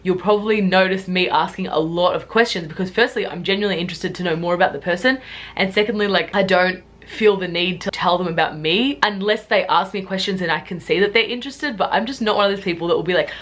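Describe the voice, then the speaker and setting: A woman's voice: fairly low pitch, fast, a bit bright. A young woman chatting casually to camera on her vlog, full of "like" fillers. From Australia. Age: young adult. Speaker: YouTuber.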